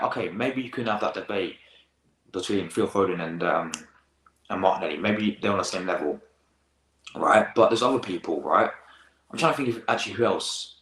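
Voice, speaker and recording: A teenage lad hosting a live football reaction stream, rambling in excitable, slang-heavy casual chat. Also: male voice, fairly low pitch, roomy sound, poor audio. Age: teens.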